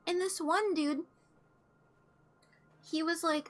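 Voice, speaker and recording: A woman's voice: high-pitched, a little slow, a bit bright. A young woman streaming a game while telling stories in a blunt, profane, casual way.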